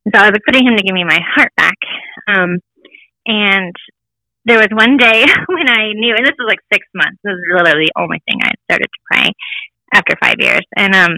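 Bright-voiced woman telling a candid story. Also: mid-range voice, expressive, fairly quick, creaky, dry recording, rough recording. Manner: candid, laughs often, acts out voices in quotes. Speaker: guest. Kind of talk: personal testimony interview.

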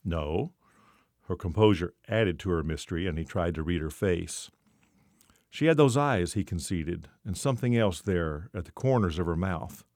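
A man narrating a short story in a measured storytelling manner. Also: deep voice, animated, a little mellow, no echo, clean studio sound.

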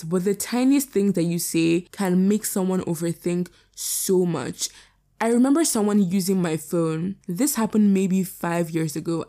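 A late-teen young woman hosts her own podcast in a candid, casual monologue. She speaks rapidly in a fairly low, dark voice and repeats herself for emphasis.

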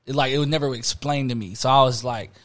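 Young socal guy, chill storytelling, lots of slang and fillers, mid pitch. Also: fairly even intonation, fast, fairly bright tone. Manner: laid-back, heavy slang, many fillers. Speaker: podcast host. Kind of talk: casual storytelling chat.

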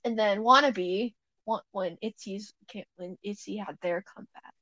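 A woman's voice: medium pitch, moderate pace, sharp tone, no echo, muffled recording. A young woman chatting casually at home as a podcast co-host, rambling, giggling and correcting herself as she goes. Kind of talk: casual chat. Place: at home on her bed.

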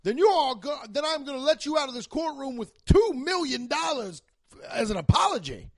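A man's voice: extremely high pitch, sing-song, moderate pace, no echo, studio quality, voice pushed up, full character voice. A man voicing a blustering, pompous male courtroom judge who bellows his rulings in a theatrical, bombastic way. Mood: menacing, mock-solemn.

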